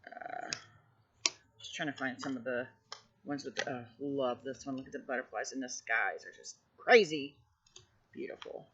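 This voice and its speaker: A woman casually showing off her tarot decks, gushing with effusive praise and sometimes dropping to a hushed voice. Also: extremely low pitch, moderate pace, pauses often, muffled recording, a little hiss or hum. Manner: drops to a hushed voice at times. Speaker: tarot deck reviewer. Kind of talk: casual show-and-tell vlog.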